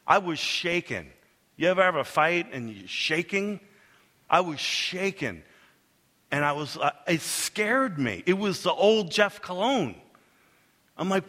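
A middle-aged male pastor preaching a sermon, telling personal stories in an animated way and acting out the quotes. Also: a little high, measured pace. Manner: animated storytelling, acts out quotes. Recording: long hall reverb.

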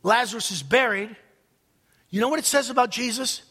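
A male pastor preaching a sermon dramatically, swinging from loud outbursts to hushed asides. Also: very high voice, fairly quick, slightly rough, in a large hall.

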